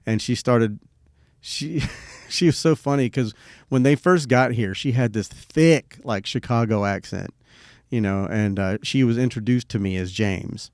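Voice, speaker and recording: A middle-aged podcast co-host tells a personal story in a relaxed, meandering chat, cursing freely. His voice is medium-pitched, unhurried and slightly mellow, recorded cleanly in a studio with no room sound.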